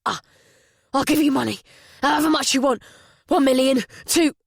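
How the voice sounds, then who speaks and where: A woman's voice: medium pitch, steady tone, normal speed, creaky, slightly rough, no echo, clean studio sound. A woman voicing a frightened wealthy man in an audiobook thriller, pleading and then heavy with resignation.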